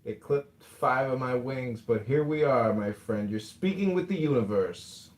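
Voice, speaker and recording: A man's voice: medium pitch, lively intonation, a little slow, roomy sound. A man hosting an online audio chat room, talking casually in an upbeat, slogan-like way and greeting people by name.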